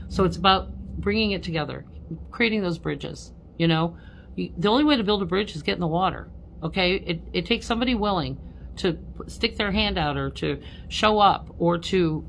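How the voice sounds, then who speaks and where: A woman's voice: lowish voice, creaky, a little hiss or hum. A woman working as a spiritual medium, chatting on a live stream with viewers, laughing often and ending lines with "okay?".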